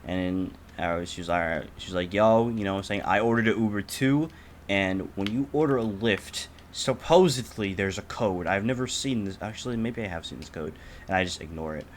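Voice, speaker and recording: Teen male podcast co-host, low voice, profane animated storyteller, faint background noise. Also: fairly quick. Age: teens. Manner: animated, profane, acts out quotes loudly. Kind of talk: casual storytelling chat.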